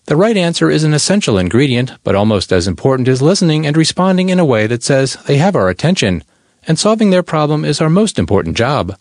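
A man reading a first-person story aloud for a radio-style podcast, in an expressive manner. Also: fairly high pitch, quick pace, no room sound, clean studio sound. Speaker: narrator reading a member's story. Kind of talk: read-aloud narration.

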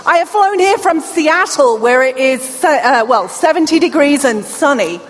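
A woman's voice: sits high, animated, moderate pace, a little hiss or hum. A British woman in her forties with a deaf speech accent, giving an upbeat, chatty conference keynote to a crowd. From England. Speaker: keynote speaker. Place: large conference hall. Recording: reverberant hall from a distance.

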